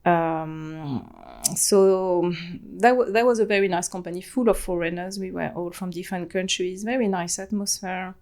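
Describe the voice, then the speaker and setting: A woman in her forties with a French accent, a guest telling stories in a casual interview, animated and quick to laugh. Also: on the low side. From France. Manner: animated storytelling with frequent laughs and fillers. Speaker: podcast guest.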